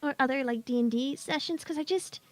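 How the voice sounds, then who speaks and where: A woman guest chatting casually, telling animated stories, acting out quotes and laughing a lot. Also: sits high, brisk, dry recording, soft background music. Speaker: guest, voice actor. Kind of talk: casual chat.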